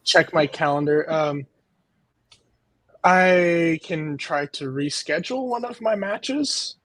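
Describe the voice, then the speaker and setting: A man talking casually as a player, halting and hesitant. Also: on the high side, a bit bright, no room sound. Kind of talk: casual table talk.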